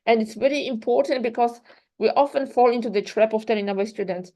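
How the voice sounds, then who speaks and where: A woman's voice: a little high, moderate pace, warm tone, rough recording. A young adult woman gives a lecture to teachers and works through one example after another. She explains step by step and keeps checking in with her listeners as she moves through her slides. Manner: explains step by step with examples, often asks "right?". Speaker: teacher trainer.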